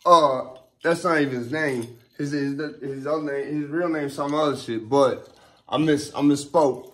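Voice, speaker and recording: A young man with a noticeably high voice delivers loose, rambling commentary straight to his audience. He leans hard on profane street slang and constant fillers and restarts. He grows emphatic and heated as he vents. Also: normal speed. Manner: heated and emphatic when riled up. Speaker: vlogger. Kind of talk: casual ranting commentary to camera.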